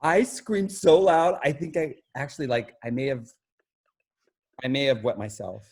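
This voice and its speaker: A man telling a funny story in a casual group chat, excitable and animated. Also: mid-range voice, normal speed, husky. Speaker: guest storyteller.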